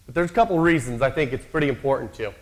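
A man's voice: mid-range voice, racing. A man preaching a sermon in a conversational, storytelling way, acting out quotes from the characters he describes.

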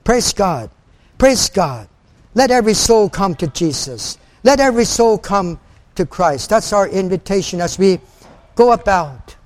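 An older male preacher with a high voice delivers a fervent sermon. He repeats his phrases for emphasis and quotes scripture in old-fashioned wording. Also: animated, measured pace.

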